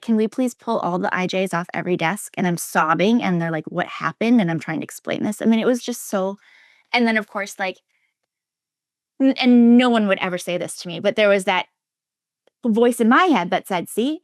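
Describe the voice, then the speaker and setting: A woman from Minnesota speaking as an interview guest, her voice dry and close with no room sound. She tells her story earnestly, circling back and restarting, and now and then sinks into a soft, almost whispered tone. Her pitch sits in an ordinary middle range. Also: animated, brisk, dry recording. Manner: earnest and emphatic, with frequent restarts and quoted inner voices; drops to a soft, near-whispered tone at heavy moments. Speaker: interview guest, relationship coach. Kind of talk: candid personal storytelling.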